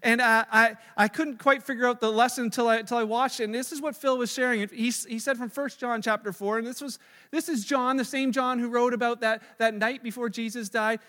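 A man in his thirties preaching a sermon, telling a story in a conversational, animated way with fillers and restarts. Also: very high-pitched. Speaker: pastor. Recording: long reverb of a large hall.

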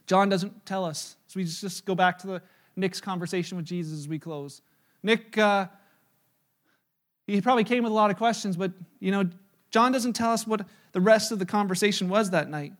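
A man preaching a sermon, retelling a story and acting out the quotes in lively voices, sometimes dropping to a hushed tone. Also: high voice, normal speed. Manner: animated storyteller, voices crowd quotes, drops to hushed tones. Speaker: pastor. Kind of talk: sermon with acted-out dialogue.

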